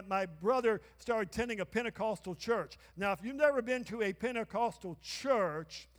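Pastor, man in his 60s, high voice, sermon with call-and-response and sudden shouts, long church reverb. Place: church sanctuary.

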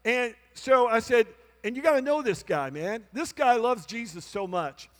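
A man's voice: extremely high pitch, animated, moderate pace, in a large hall. A male pastor preaching a sermon, telling a story and acting out both sides of a conversation, calling out to the congregation. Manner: calls out to the congregation. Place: church sanctuary.

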